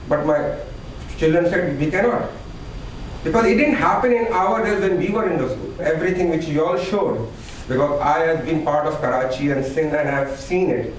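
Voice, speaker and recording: A man giving a halting, earnest personal account in an interview clip. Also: high-pitched. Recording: very echoey, distant, faint noise.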